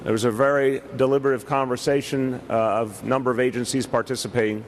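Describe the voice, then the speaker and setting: A middle-aged man with a New York accent giving an official press briefing as mayor, speaking deliberately with frequent "uh" pauses. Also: mid-range voice, steady tone, slight background noise.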